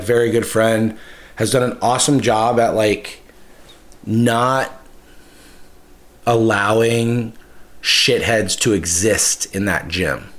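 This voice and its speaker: A young man co-hosting a podcast, telling a long story in loose, profane, rambling casual chat. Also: on the low side. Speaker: podcast co-host.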